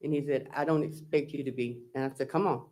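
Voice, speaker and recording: A woman's voice: extremely low pitch, fairly even intonation, fast talker, a little mellow. A woman on the witness stand in a courtroom, recounting text messages and quoting both sides. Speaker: defendant testifying. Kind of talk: courtroom testimony.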